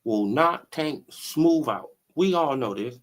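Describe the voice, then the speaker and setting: Guy doing a boxing stream, super animated, slangy, keeps saying right and bro, normal mid voice. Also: medium pitch, takes it slowly. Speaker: boxing commentary channel host. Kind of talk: casual livestream commentary.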